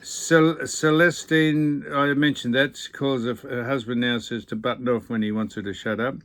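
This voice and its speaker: Aboard a boat, an older man hosts a casual vlog, reading out viewer comments with dry, teasing, opinionated banter. His voice is mid-range and fairly bright, with fairly even intonation and a moderate pace.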